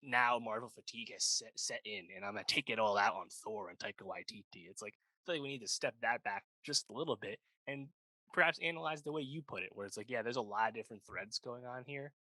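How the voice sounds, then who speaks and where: A man's voice: medium pitch, quick pace, pushed and bright, no echo. A man co-hosting a pop culture podcast, chatting casually and rambling, full of "like" and "you know, right?". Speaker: podcast co-host. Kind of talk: casual chat.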